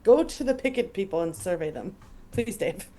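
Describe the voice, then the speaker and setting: Podcast co-host, female, wry and mocking, mid pitch, faint background hiss. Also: lively intonation, moderate pace, mellow. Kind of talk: casual chat.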